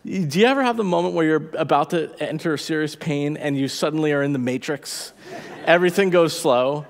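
A male pastor preaching a sermon, telling a story with lively energy and laughing at himself. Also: on the high side, fairly quick, gravelly. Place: church auditorium. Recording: church hall reverb.

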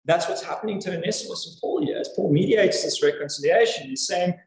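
A man preaching a sermon in an earnest, animated way, repeating words for emphasis. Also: sits high, brisk. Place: church. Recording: echoey church hall.

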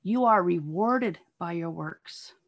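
A woman giving an earnest sermon over a video call, pressing her listeners with repeated rhetorical questions and halting now and then on fillers and restarts. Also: fairly low pitch, animated, highs cut off. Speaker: speaker at a church talk on marriage.

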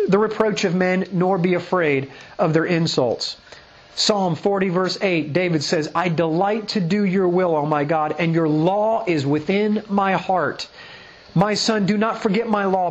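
High-pitched guy preaching, lots of "you see my point?" questions, kinda dull muffled recording. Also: unhurried. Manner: emphatic, full of rhetorical questions; reads scripture aloud. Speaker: pastor. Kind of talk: sermon teaching.

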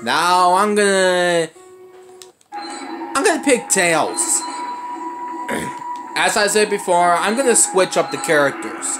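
A young man giving let's play commentary, excitable and often breaking into panicked high shouts. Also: slow pace, long pauses, over music. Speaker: gaming channel host.

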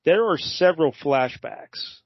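A man's voice: on the high side, lively intonation, a little slow, vocal fry, husky, dry recording. Laid-back man recapping a comic, muffled. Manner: laid-back, rambling with many fillers. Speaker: podcast co-host. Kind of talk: casual chat recapping a comic.

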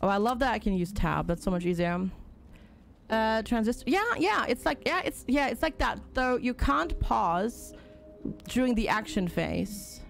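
A woman's voice: on the high side, lively intonation, moderate pace, creaky, faint music behind. A woman casually commenting on a game during a live stream, reading on-screen tutorial text aloud and chatting with and thanking viewers.

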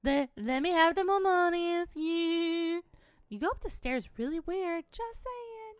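A woman's voice: extremely high pitch, a little slow, no echo. A woman hosting a gaming video, giving chatty, playful let's-play commentary at a desktop mic and giggling often.

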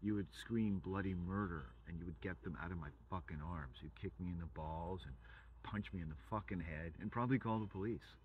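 A man's voice: deep voice, a little fast, phone-quality sound, a little hiss or hum. A man from England, rambling through a profane, provocative monologue full of wordplay.

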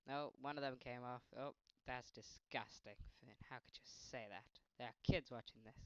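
A man's voice: mid-range voice, moderate pace, smooth, lo-fi sound. A man with a faint Scottish accent doing jokey let's-play gaming commentary, yelping at the game. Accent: slight Scottish. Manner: excitable, yelps and laughs at the game, jokey asides.

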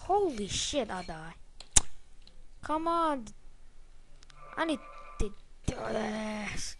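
A woman giving excitable let's play commentary, swearing and cheering herself on as she plays. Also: a little high, very slow, long pauses, background noise. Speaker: gameplay commentator.

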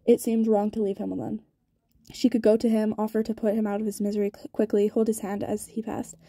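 A woman reading a novel aloud in an even, steady narrating voice. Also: medium pitch, fairly quick, no room sound. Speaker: audiobook reader. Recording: sped-up dry home recording.

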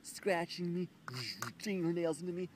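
A man's voice: sits high, flat delivery, moderate pace, noisy background. A young man venting to camera in an emotional personal rant, agitated and swearing, rambling with frequent restarts, recorded outdoors.

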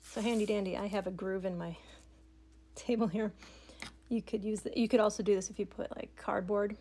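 A middle-aged woman teaching an art project at a table in her home studio, telling a story slowly and softly and dropping to a whisper now and then. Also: medium pitch, steady tone. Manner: soft, slow storytelling with whispered asides. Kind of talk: art tutorial narration.

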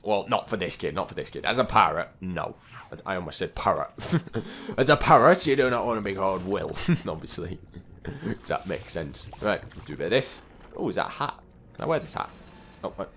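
A young man casually commentating his video game play, chatty and quick to get exasperated at the characters on screen. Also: low-pitched, animated, a bit bright, slight background noise. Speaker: gaming channel host.

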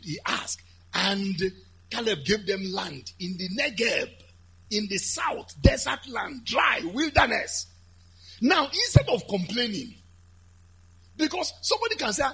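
A man with a Nigerian accent preaching a lively sermon, building to shouted, chanted high points. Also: a little slow, gravelly, husky. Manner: animated, shouting and chanting at peaks.

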